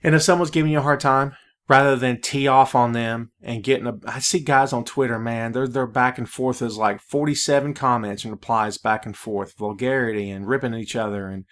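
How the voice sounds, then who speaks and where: A man's voice: medium pitch, fairly bright tone. A man hosting a solo podcast in a casual, laid-back way, often tossing in "man" and drifting into friendly preaching. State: out of breath. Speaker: podcast host.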